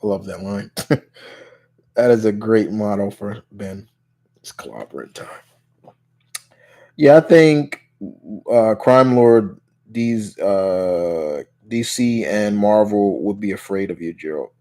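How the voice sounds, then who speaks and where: A man's voice: lowish voice, takes it slowly, a little mellow. A man hosting a live Q&A stream in casual chat, reading out viewer questions and answering them in a rambling way, full of restarts. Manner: rambling, many restarts and "you know"s. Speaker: livestream Q&A host.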